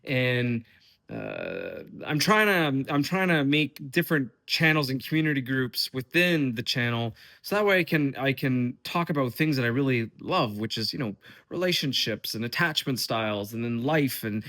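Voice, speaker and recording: A man's voice: medium pitch, moderate pace, pushed and bright. Frustrated rambling man vlogging. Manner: casual, frustrated, rambling with restarts and swearing. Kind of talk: unscripted rambling vlog.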